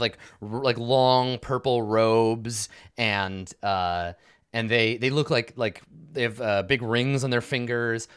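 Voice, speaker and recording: A man's voice: mid-range voice, a bit bright. A man narrating as game master of a tabletop game, rambling with fillers and restarts.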